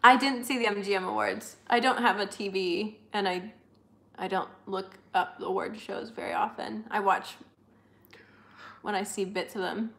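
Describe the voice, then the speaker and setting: A woman's voice: mid-range voice, fairly even intonation, normal speed, gravelly, a bit bright. Young woman on a live stream, just chatting and rambling, lots of likes and ums. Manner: chatty, rambling with many fillers. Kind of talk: casual chat with viewers.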